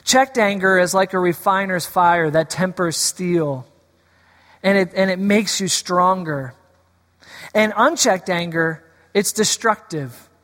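Preaching pastor in an echoing church. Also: male voice, high-pitched, a bit bright. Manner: playful, teasing, then earnest preaching. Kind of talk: sermon. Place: church sanctuary. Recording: long hall reverb.

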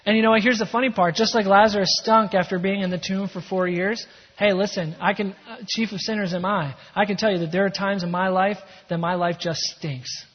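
Male pastor, high husky voice, emphatic sermon delivery, echoing church hall, dull sound. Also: brisk. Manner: emphatic preaching with shifts between energy and hushed calm. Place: church sanctuary.

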